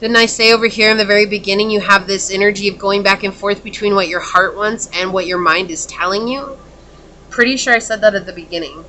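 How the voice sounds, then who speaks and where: Lady tarot reader rambling along, lots of likes and okays, bright forward tone. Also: medium pitch, steady tone, fairly quick, slight background noise. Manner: earnest, rambling, full of "like" and "okay?". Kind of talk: casual pick-a-card tarot reading.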